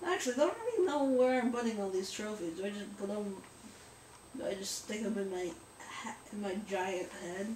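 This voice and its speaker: A woman's voice: mid-range voice, lively intonation, moderate pace, darkish tone. A woman hosting a let's play, rambling and joking at her own expense in casual gameplay commentary. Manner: rambling, jokey and self-mocking. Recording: roomy echo, distant mic, faint noise.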